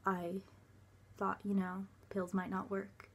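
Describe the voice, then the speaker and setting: A young woman telling a personal story to camera in a halting way. She restarts often, uses many filler words and sometimes drops to a near whisper. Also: mid-range voice, completely flat delivery, a little hiss or hum. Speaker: vlogger.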